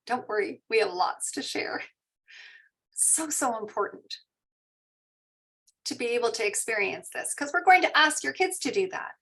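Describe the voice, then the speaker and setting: A woman with a fairly high, bright voice leads a guided meditation over an online call. She talks softly and slowly, in a soothing way, then gently affirms what participants share. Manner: soft, slow and soothing, reads out participants' shares. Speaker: mindfulness teacher. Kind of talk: guided meditation and parent info session. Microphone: online video call.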